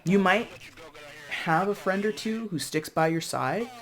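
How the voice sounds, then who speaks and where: A tarot reader speaks to camera in a mid-range, expressive voice, a little slowly, giving a casual reading. She chats freely, thinking aloud with many fillers and restarts, and acts out how other people would react.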